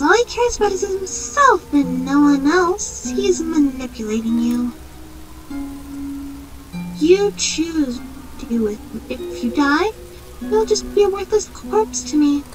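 Woman doing cold scornful girl, low and slow, threatening, game dub. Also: animated, music in the background, rough recording. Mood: menacing.

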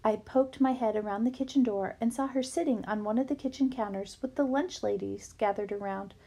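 A woman reading a children's novel aloud with lively storytelling. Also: a little high, fairly quick. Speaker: book reader.

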